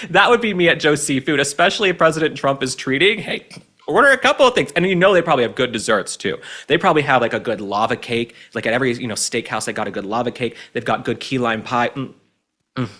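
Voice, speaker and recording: A man's voice: medium pitch, sharp tone. A man hosting an opinionated commentary show, talking in a sassy, campy way with mocking asides. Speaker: host.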